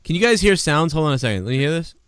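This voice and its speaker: A man's voice: fairly high pitch, expressive, rapid-fire, crowd noise. A man hosting a casual podcast, talking loosely and swearing often. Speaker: podcast host. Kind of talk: casual chat.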